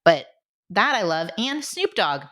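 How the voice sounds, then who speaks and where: A woman from Indianapolis co-hosting a podcast, chatty, laughing often and cutting in with quick asides. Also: medium pitch, big pitch swings, a bit bright. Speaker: podcast co-host. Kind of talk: casual chat.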